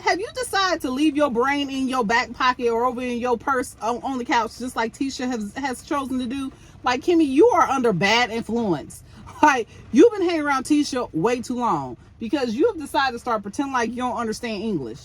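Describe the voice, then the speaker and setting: A woman's voice: sits high, lively intonation, moderate pace. A woman giving blunt, opinionated commentary on a reality show in a casual, exasperated way. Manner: blunt, exasperated, talks to the show's people directly.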